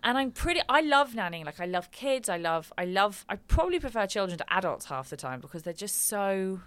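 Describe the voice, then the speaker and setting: A young English woman with an English accent chatting as a podcast guest, telling animated stories and laughing through them. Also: medium pitch, a little fast, smooth, dry recording. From England. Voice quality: animated storyteller, laughs through her anecdotes. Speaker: guest comedian. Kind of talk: casual podcast chat.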